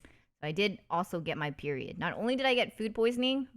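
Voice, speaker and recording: A woman streamer talks casually to her viewers at a middle pitch, chatty and easygoing. She tells her stories in a loose, giggly way. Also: animated, fairly quick.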